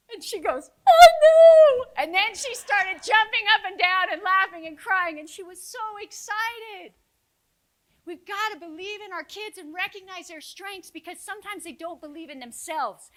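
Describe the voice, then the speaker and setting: A woman giving a motivational keynote to teachers, telling stories in an expressive way that swings from hushed to loud and rallying. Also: extremely high pitch. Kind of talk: motivational conference keynote with storytelling. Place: conference stage before an audience.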